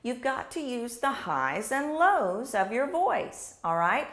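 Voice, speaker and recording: A woman lecturing on speaking technique, demonstrating her points out loud. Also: fairly high pitch, big pitch swings, slow. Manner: demonstrative, acting out examples. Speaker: instructor. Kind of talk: lecture to camera.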